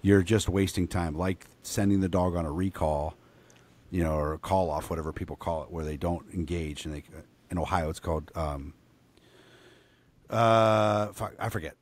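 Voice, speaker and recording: A man, a dog trainer guest on a podcast, talking in a casual, animated and profane way. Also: deep voice, normal speed.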